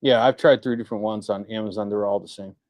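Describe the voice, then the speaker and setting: A middle-aged man co-hosting a live maker Q&A in casual chat, telling stories and acting out the voices of people he quotes. His voice sits at a medium pitch and is recorded close and dry, with no room sound. It is the sound of a relaxed livestream talk among hobby makers. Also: fast talker, dry recording. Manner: chatty storyteller who acts out quoted voices.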